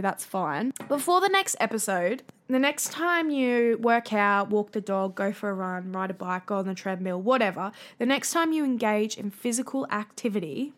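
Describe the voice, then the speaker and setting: A young adult woman hosting a solo podcast, earnest and encouraging, with frequent fillers. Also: a little high. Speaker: podcast host.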